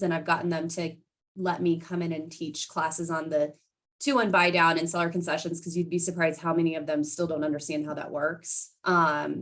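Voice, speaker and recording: A woman loan officer giving a matter-of-fact work update on a video call. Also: low-pitched.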